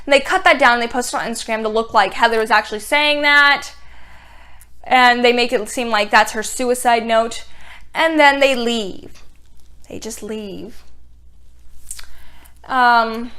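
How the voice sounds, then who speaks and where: A young woman talks through a TV episode in a casual review, her fairly high voice full of sarcasm and exasperation. She recaps scenes loosely, peppering them with "like.". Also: moderate pace, long pauses, pushed and bright.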